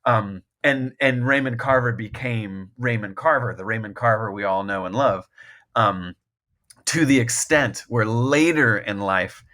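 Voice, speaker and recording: A man's voice: fairly low pitch, a bit bright. A man speaking as a guest author in a casual podcast conversation, rambling and self-deprecating, full of restarts and laughing often. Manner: laughs often mid-thought.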